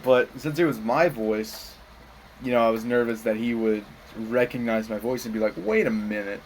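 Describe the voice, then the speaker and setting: A man's voice: medium pitch, steady tone, normal speed, a little hiss or hum, low-quality recording. A young man co-hosting a casual podcast, telling stories with a laugh and acting out quotes. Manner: laughs often, storytelling with put-on quotes. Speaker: podcast co-host. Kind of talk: casual chat.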